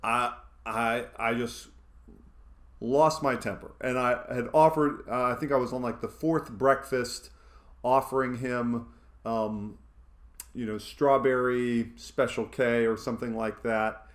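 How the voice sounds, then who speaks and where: A man's voice: medium pitch, steady tone, a little slow. A man in his thirties, a church staff member, talking casually to camera and telling a self-mocking story, rambling with fillers.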